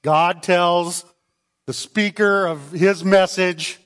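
Pastor preaching slowly to a congregation; high, lively male voice in a reverberant sanctuary. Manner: animated, calls for amens, acts out voices. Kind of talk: sermon. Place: church sanctuary. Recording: long hall reverb.

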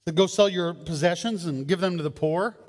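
High-voiced pastor preaching in a hall. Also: male voice, brisk. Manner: conversational preaching with rhetorical questions. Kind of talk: sermon.

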